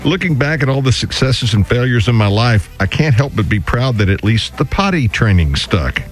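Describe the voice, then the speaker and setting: A man co-hosting a radio show, delivering dad jokes in a playful, deadpan way. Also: mid-range voice, normal speed, soft background music. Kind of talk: casual studio banter, telling dad jokes.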